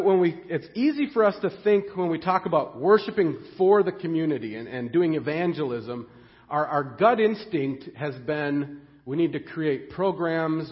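A man preaching a sermon as pastor, earnest and excitable, often repeating the first words of a phrase as he goes. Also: a little high, big-room sound, highs cut off.

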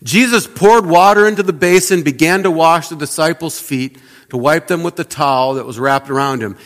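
A pastor giving a conversational sermon, often restarting and repeating words. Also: male voice, a little high, moderate pace, fairly bright tone, in a large hall.

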